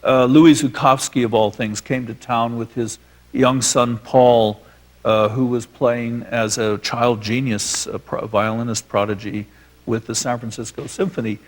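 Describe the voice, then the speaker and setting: A man's voice: medium pitch, fairly even intonation, unhurried. A man, a filmmaker guest, reminiscing onstage in a rambling, filler-laden storytelling way.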